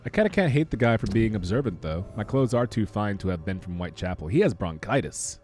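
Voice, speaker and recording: A male streamer chatting through his game in a low, lively voice that swoops up and down. He jokes at his own expense, with soft game music behind him. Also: fast. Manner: chatty, self-mocking. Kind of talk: casual gameplay commentary.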